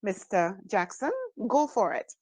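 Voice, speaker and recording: A woman hosting a community training, giving a measured, uplifting formal introduction. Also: mid-range voice, animated, darkish tone, dry recording, low-quality recording.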